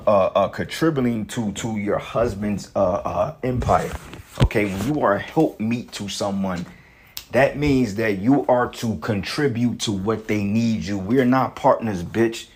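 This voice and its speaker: A man commentating on a video clip in an angry, profane rant, emphatic and full of restarts. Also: on the low side. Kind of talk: heated reaction rant.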